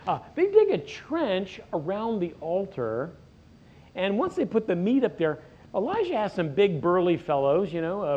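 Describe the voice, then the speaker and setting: A middle-aged man preaching, retelling a scripture story in a folksy, animated way with jokes and asides. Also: fairly high pitch. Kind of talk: storytelling sermon. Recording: dull lo-fi recording.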